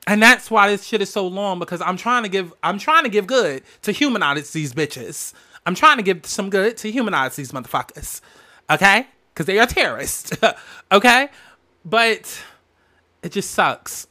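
A man hosting a solo podcast, telling family memories in a candid, emotional way with lots of profanity and animated bursts. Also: high voice, moderate pace. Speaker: podcast host.

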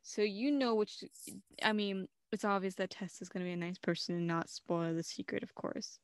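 A woman's voice: mid-range voice, normal speed, clear, resonant tone, no echo, studio quality. A young woman co-hosting a casual movie review, giggling and acting out characters' lines in playful voices. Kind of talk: casual chat.

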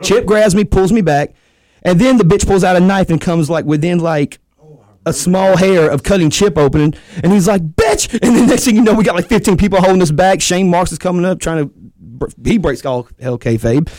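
A man telling profane, animated stories as a wrestler guest on a podcast. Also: high voice, dry recording. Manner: fast, profane, animated storytelling. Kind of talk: casual podcast storytelling.

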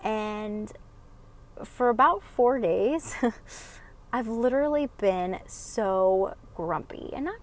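A woman's voice: on the high side, expressive, slow pace. A woman telling viewers a rambling personal story in casual chat, with lots of fillers and restarts. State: emotional, choking up. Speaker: podcast listener sharing a story.

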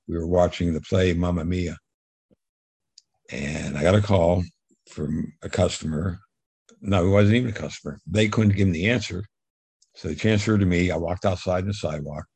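A man's voice: deep voice, darkish tone, breathy edge, no echo. A middle-aged man telling a long personal story in a casual interview, rambling and repeating words as he goes. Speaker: guest telling his life story.

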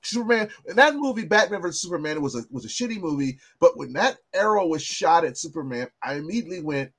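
A man co-hosting a podcast in loose, casual chat. His voice sits a bit high and moves a lot. He gets animated, swears freely and repeats words as he talks. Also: fast talker, breathy edge. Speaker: podcast co-host.

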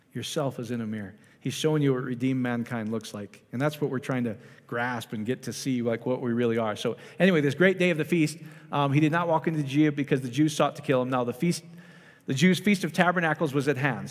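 Chatty preacher man in a reverberant hall. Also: mid-range voice. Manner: chatty, asks the congregation questions, many restarts. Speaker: pastor. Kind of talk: casual conversational sermon.

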